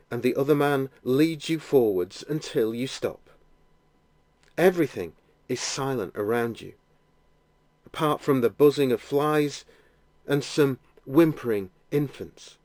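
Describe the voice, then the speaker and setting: A man narrating a guided imaginative prayer, telling the scene gently in the second person. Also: medium pitch, unhurried, pauses often, no echo.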